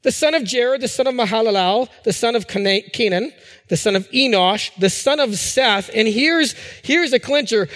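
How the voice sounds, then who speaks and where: High-voiced preacher in a reverberant hall. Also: male voice, normal speed, a bit bright. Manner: conversational preaching with fillers and restarts. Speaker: pastor. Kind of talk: sermon.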